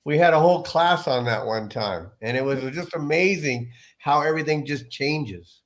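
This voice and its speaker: A man with a somewhat high voice leads a relaxed wine tasting conversation. He explains patiently and slips into little personal stories as he goes. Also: normal speed. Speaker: wine presenter. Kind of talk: casual chat.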